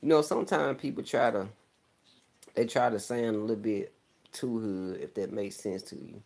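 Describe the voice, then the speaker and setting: A young man with a Southern country accent talks in a casual, rambling chat. His voice sits very low with a gravelly fry, and he slurs his words a little as he laughs his way through. The delivery stays loose and easygoing throughout. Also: normal speed, darkish tone. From American South.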